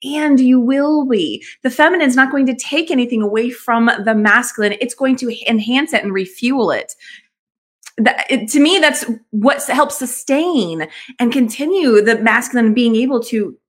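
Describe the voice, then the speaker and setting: A woman's voice: on the high side, moderate pace. A woman hosting a casual live-stream interview, upbeat and encouraging, greeting viewers. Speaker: host of a live show.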